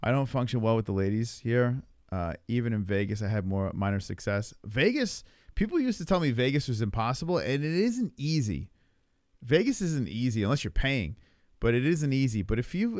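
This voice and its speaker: A man in his forties with a New York accent, rambling and swearing in casual live stream chat while high, chuckling often. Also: a little mellow, dry recording, clean studio sound. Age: 40s.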